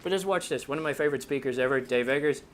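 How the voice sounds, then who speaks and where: A man with an Irish accent giving a comedic talk to an audience as a speaker and author, animated and joking, slipping into voices for quotes. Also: medium pitch, rapid-fire, very noisy. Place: company talk room with a live audience.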